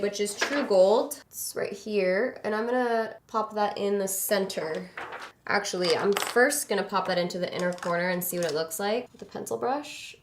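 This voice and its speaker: A chatty woman talks her viewers through a makeup routine, casual and relaxed. Her voice sits in the middle of her range. The room around her rings with a noticeable echo. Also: medium pitch, noisy background. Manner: chatty, close to the mirror, talking while applying makeup. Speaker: beauty vlogger.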